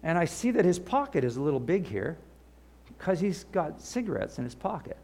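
Older man, pastor, sermon, lively swinging pitch, gravelly. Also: brisk. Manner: animated preaching with asides and laughs.

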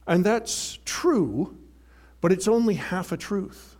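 A man preaching a sermon in an animated, emphatic way, swinging from loud to hushed. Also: high-pitched, takes it slowly.

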